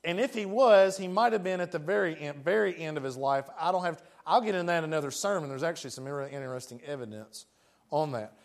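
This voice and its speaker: A man's voice: fairly high pitch, fast. A man with a West Tennessee accent preaching a sermon in a folksy, joking way, laughing often.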